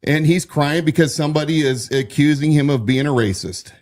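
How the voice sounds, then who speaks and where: A man's voice: fairly high pitch, a little fast, a little mellow. A man giving casual political commentary as a podcast co-host, talking loosely with frequent restarts. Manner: conversational, many restarts and repeats.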